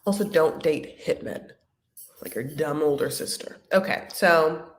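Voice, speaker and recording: A woman's voice: deep voice, a little slow. A woman hosting a live chat recap of a reality show, sassy and chatty, calling her viewers honey. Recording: echoey room.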